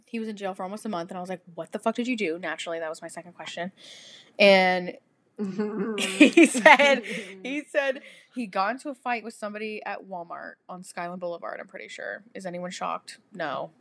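A young woman co-hosting a podcast, telling a story in a crude, animated, casual way. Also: medium pitch. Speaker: podcast co-host. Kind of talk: casual chat.

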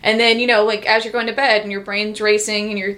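A woman's voice: medium pitch, flat delivery, fast, fairly bright tone. A woman co-hosting a casual podcast, reading dream-dictionary definitions aloud and chatting about them, sometimes stumbling over words. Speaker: podcast co-host.

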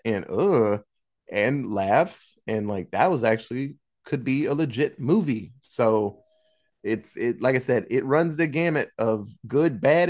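A man's voice: medium pitch, darkish tone. A man hosting a horror movie podcast in a loose, casual way, swearing freely and laughing. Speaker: podcast host.

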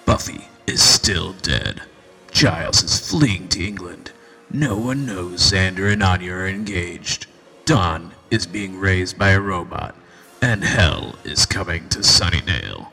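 A man's voice: expressive, vocal fry, bright, forceful tone, faint music behind, exaggerated voice, poor audio. A man doing a dramatic announcer voice for a podcast episode recap. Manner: slow, deep, dramatic announcer delivery.

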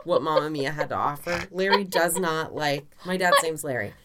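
A woman co-hosting a podcast, casually telling an animated family story and laughing often. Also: low-pitched, moderate pace, very noisy. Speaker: podcast co-host. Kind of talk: casual chat.

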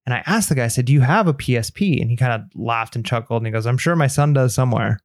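A man chats casually on a podcast, telling a story with energy and slipping into the voices of the people in it. His voice sits at a middle pitch. The sound is dry and close, with no room echo. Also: fast. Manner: animated anecdote telling, acts out quoted dialogue. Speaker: podcast co-host.

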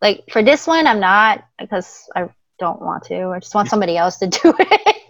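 A woman's voice: mid-range voice, big pitch swings, normal speed, dry recording, highs cut off. Chatty young woman, laughing guest. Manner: chatty, rambling, laughs often. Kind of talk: casual chat.

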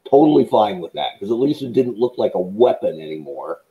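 A man's voice: fairly low pitch, big pitch swings, a little fast, phone-quality sound. A man on a podcast, chatting casually with wry jokes. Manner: wry, joking asides. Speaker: podcast co-host. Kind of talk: casual chat.

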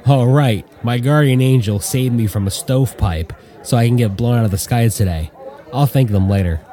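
A man's voice: medium pitch, normal speed, mellow, a faint crowd, lightly acted. A man voicing a sarcastic, bitter male bomber officer. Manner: sarcastic, sardonic.

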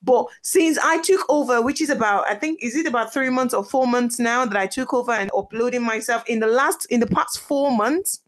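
A young woman hosting her own podcast from her kitchen at home, talking in a chatty, excitable way and often laughing. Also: fairly high pitch, fairly quick, hardly any pauses. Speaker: podcast host. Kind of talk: casual solo podcast chat.

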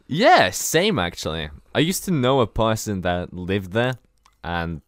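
A man's voice: on the low side, sing-song, measured pace, dry recording, clean studio sound. A man co-hosting a podcast in casual, joking chat, laughing often and swearing freely. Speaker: podcast co-host.

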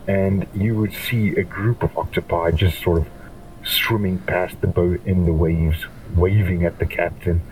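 A man's voice: sits low, steady tone, measured pace, darkish tone. A man narrating as game master, playful and laid-back. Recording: distant mic with faint background noise.

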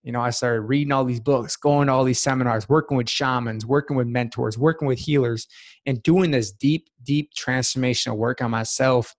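A man's voice: medium pitch, fairly even intonation, fairly quick. A man, a guest in a casual interview, telling a personal story in an earnest, heartfelt way with many fillers. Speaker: podcast guest.

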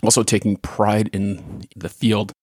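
A man's voice: on the low side, level tone, unhurried, a little mellow, slightly rough, no echo, studio quality. A man who used to coach baseball, hosting a short podcast episode and reflecting in a plain, conversational way. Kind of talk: casual spoken podcast with read-aloud story.

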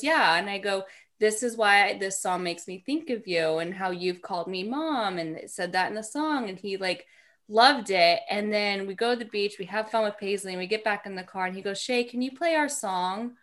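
Casual co-host, woman in her thirties, chatty storyteller with a middle-pitched voice. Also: a bit bright. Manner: chatty storyteller, quick asides, laughs while telling. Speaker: podcast co-host. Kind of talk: casual chat.

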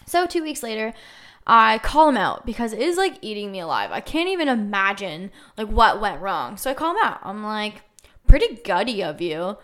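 A woman's voice: mid-range voice, very animated, moderate pace, a bit bright. A young woman hosting a podcast, telling a personal story in a chatty way, full of "like" and wry jokes. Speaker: podcast host. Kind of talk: casual storytelling monologue.

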